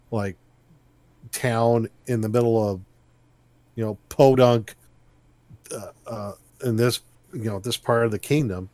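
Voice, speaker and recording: A man co-hosting a casual tabletop gaming podcast, animated and prone to tangents and repeated starts. His voice sits at an ordinary middle pitch. The sound is dry and close to the mic, with no room around it. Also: unhurried, pauses often, no echo. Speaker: podcast co-host, dungeon master.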